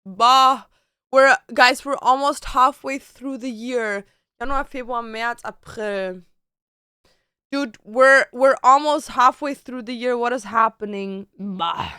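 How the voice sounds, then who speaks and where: A chatty woman streamer talks casually to her viewers from her bedroom. Her voice is bright, crisp and a little high. The sound is close and dry, with little room in it. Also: no echo. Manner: chatty, slangy and expressive, with frequent "like". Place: home bedroom.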